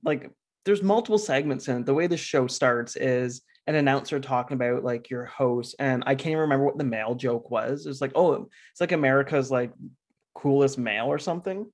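A man's voice: mid-range voice, a little fast. A man co-hosting a podcast in casual chat, rambling, laughing often and swearing casually. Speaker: podcast co-host.

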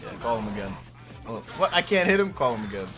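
A man's voice: mid-range voice, sing-song, quick pace. A man streaming a fighting game, swearing and narrating each move as he plays. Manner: profane, trash-talking, self-narrating each move. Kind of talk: casual live gameplay commentary. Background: loud game music.

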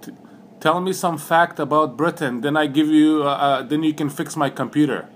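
A man questioning a phone caller in a flat, probing way, toying with him. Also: on the high side, normal speed, slight background noise. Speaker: call recipient baiting a scammer. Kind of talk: prank phone call.

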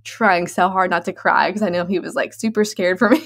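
A woman telling a personal story in a casual, chatty way, laughing often and filling her talk with "like", her voice jumping up high when she gets excited. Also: brisk. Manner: animated, swings into high excited tones. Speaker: guest sharing her birth story.

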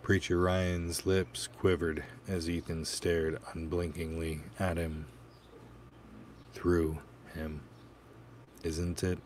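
A man narrating an audiobook in a measured, even reading. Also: low-pitched, slight background noise.

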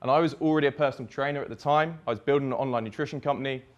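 A man's voice: medium pitch, racing, muffled recording. A young man telling a personal story in the present tense as a speaker at a summit, swearing freely. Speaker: speaker at a fitness business summit. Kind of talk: storytelling keynote talk.

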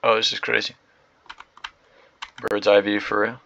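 A young man giving excitable, slangy gameplay commentary, swinging from loud outbursts to mumbled asides. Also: on the low side, measured pace, vocal fry, long pauses, highs cut off. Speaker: gaming video host.

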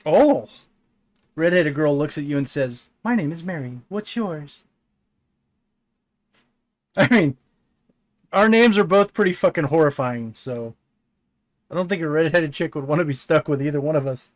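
High-voiced man reading a game aloud. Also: moderate pace, no echo. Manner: laughs often, swears casually, reads game text aloud. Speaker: co-host playing a text adventure. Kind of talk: casual gaming chat, reading story aloud.

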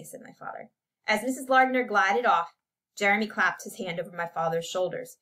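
A woman's voice: lowish voice, sharp tone. Woman reading a story aloud. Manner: measured, storytelling. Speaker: audiobook reader. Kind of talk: scripted narration.

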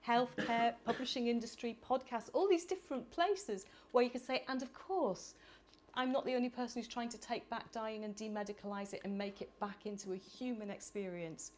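A middle-aged woman from the United Kingdom speaking at a conference, animated and chatty with laughing asides. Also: a little high, normal speed. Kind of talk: conference talk. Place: conference hall.

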